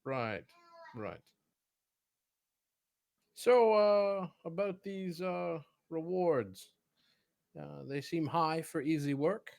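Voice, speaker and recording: Brief: male player in character, slightly high voice, dry wit, lots of uh. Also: animated, creaky, a little mellow, no room sound, rough recording. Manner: wry and measured, many fillers. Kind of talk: in-character tabletop play.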